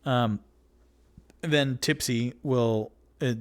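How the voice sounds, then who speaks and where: A man's voice: mid-range voice, extremely slow, clean tone. A man narrating a solo tabletop game as dungeon master, rambling with many fillers. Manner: rambling, filler-heavy, animated.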